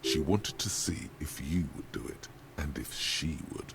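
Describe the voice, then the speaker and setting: Casting: a cutting inner voice in a game, extremely low and dry. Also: male voice, a little slow, vocal fry, slight background noise, full character voice. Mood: sardonic.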